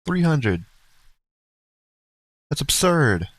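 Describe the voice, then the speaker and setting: A man's voice: on the high side, very animated, drawn-out words, fairly bright tone, no room sound, rough recording. A man streamer giving casual, blunt and profane commentary to his chat as he reacts to a livestream. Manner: blunt, profane, rambling asides.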